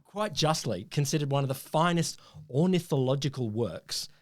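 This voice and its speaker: A man's voice: mid-range voice, expressive, moderate pace. A middle-aged Australian man co-hosting a casual science podcast, telling a story in a rambling, self-correcting way.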